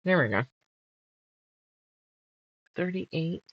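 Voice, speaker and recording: A woman's voice: lowish voice, animated, drawn-out words, no room sound, lo-fi sound. A woman hosting a casual sew-along, muttering measurements and chatting while she sorts fabric pieces. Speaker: quilting channel host.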